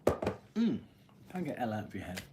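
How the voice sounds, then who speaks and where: A man's voice: lowish voice, big pitch swings, fast, heavy background noise. Man musing aloud over tarot cards. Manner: musing aloud while drawing cards, frequent throat-clearing. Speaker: tarot reader. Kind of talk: live-stream tarot reading.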